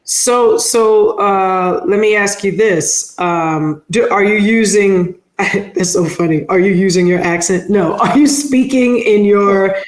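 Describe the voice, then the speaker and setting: A woman's voice: mid-range voice, slow, echoey room. A woman hosting an interview podcast, asking questions and reading sponsor copy. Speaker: podcast host.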